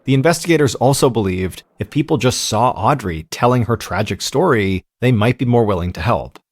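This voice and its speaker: The true-crime story comes from an American man in his thirties hosting a podcast; his medium-pitched voice stays calm and measured, with no echo.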